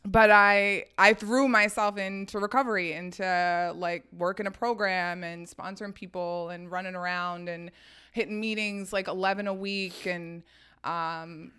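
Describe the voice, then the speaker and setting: Candid, swearing woman with a smooth voice. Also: medium pitch, fairly even intonation, a little slow, pushed and bright. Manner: candid, swears freely, laughs often. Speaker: podcast guest. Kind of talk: casual storytelling.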